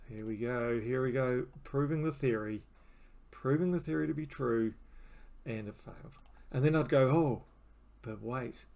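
Man, gravelly voice, rambling gameplay commentary, self-mocking. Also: medium pitch, moderate pace, darkish tone. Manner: rambling, self-mocking, many restarts and fillers. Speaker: game channel host.

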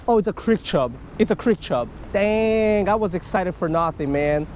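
Man, high voice, excitable fishing vlogger; outdoor creek take, faint traffic hiss behind. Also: moderate pace, hardly any pauses. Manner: excitable, swings from hushed to yelling. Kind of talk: casual outdoor fishing vlog.

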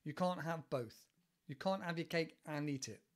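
A man's voice: on the high side, normal speed. A man with an English West Country accent who hosts a casual podcast lesson, explaining idioms in a chatty, digressive way and laughing often. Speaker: English teacher and podcast host.

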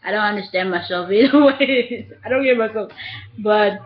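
A woman's voice: mid-range voice, normal speed. A young woman vlogging casually to her webcam, playful and giggly, often slipping into sing-song. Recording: dull lo-fi webcam audio.

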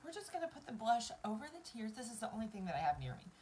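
A tearful woman in her thirties with a Southern American accent talks straight to her viewers while she does her makeup. Her fairly high voice swings widely in pitch, and a faint hiss sits under the recording. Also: sing-song, racing, a little mellow, rough recording. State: tearful, near crying. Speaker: vlogger doing a live stream. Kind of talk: casual talk to camera while doing makeup.

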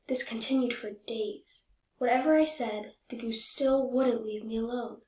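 A woman reads a children's picture book aloud, gentle and measured, her voice sitting a little high. The recording has a roomy echo around it. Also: steady tone. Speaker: storybook reader. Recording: echoey room.

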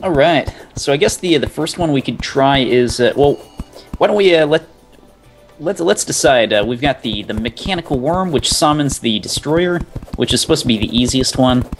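Young man gamer, mid pitch, lively intonation, plans and yelps. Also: moderate pace, soft background music. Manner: lays out plans, excited exclamations. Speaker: game player. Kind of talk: casual gaming chat.

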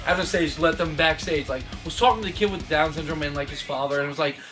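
A man with a high voice tells loud, profane road stories in a casual band interview. He laughs through his tales and talks over his bandmates. Loud music plays behind him. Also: fast talker. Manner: rowdy, profane, laughing storyteller. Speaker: band vocalist.

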